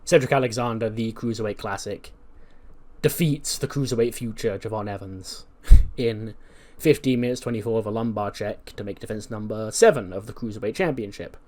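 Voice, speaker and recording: A man's voice: lowish voice, moderate pace, a little mellow. A man hosting a casual let's-play commentary in a laid-back way, swearing now and then. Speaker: gaming video host.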